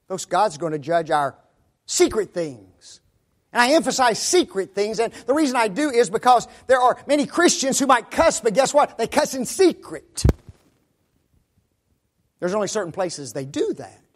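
A man's voice: high voice, sing-song, moderate pace. A man preaching a sermon, often calling his listeners folks and tagging his points with rhetorical questions.

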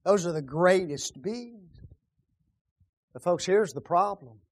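A man preaching on a psalm, firing rhetorical questions and repeating key words, often dropping his voice to a hush. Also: high-pitched, expressive, slow pace. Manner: rhetorical questions, dramatic drops to hushed tones. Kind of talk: sermon on a psalm.

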